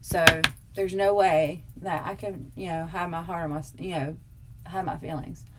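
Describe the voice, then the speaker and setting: A woman's voice: fairly low pitch, fairly even intonation, normal speed, a little mellow, slight background noise. A young adult woman, chatting casually and emphatically to viewers on a live stream as its host. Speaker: livestream host answering tag questions.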